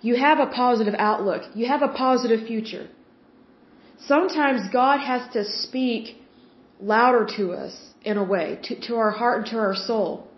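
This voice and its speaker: A woman's voice: a little high, normal speed. A woman hosting a faith podcast, talking earnestly and conversationally with frequent restarts. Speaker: podcast host. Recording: roomy, slightly dull home recording.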